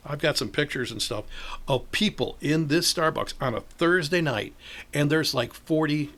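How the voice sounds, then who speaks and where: An older chess club organizer, from northern Illinois in the USA, speaks at a normal speed in a slightly high voice. Recounting stories in an easygoing interview, he animatedly acts out the quoted voices and laughs often.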